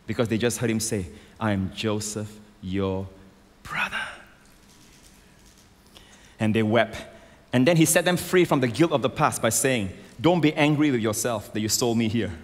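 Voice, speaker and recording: A man preaching a sermon as a pastor, emphatic and rising to loud exclamations, on a stage microphone in a large church. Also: lowish voice. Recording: long hall reverb.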